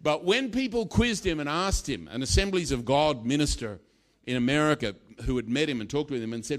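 Animated male preacher telling a story. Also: on the high side, a little fast. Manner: storytelling, animated, acts out quotes with sudden loud bursts. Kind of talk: sermon.

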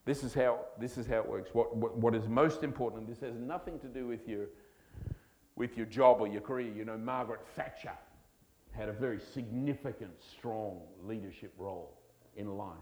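A man's voice: lowish voice, a little mellow, rough recording. A man preaching a sermon, from Australia, leaning hard on key words and stretching them out. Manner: emphatic, drawn-out key words.

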